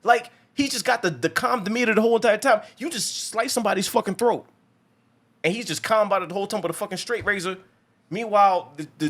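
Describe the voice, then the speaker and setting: Excitable man recapping a movie. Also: high-pitched, a little fast. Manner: rambling, many restarts, acts out quotes. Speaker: movie review podcast host. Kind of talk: casual profane movie recap.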